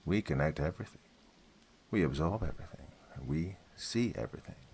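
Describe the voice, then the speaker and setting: A man voicing a deep, monotone tree entity. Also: vocal fry, a little hiss or hum, exaggerated voice. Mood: cold, menacing. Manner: slow, flat, menacing declarations.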